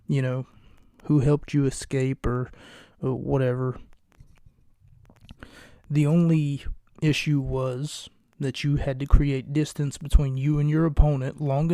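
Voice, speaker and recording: A man hosting a casual solo wrestling podcast late at night, talking in a hushed, jokey, rambling way from a home recording space. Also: mid-range voice, no echo, studio quality. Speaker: podcast host.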